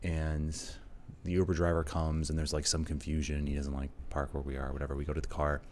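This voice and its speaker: A man's voice: very deep voice, completely flat delivery, a little fast, a little mellow, a little hiss or hum. A man co-hosting a podcast, telling a story in a wry, conversational way. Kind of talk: casual storytelling chat.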